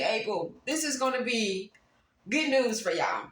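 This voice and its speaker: A woman's voice: on the high side, very animated, measured pace, fairly bright tone. A woman giving a casual tarot reading to her viewers, talking emphatically and repeating phrases for stress. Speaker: tarot reader. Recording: roomy echo, faint background noise.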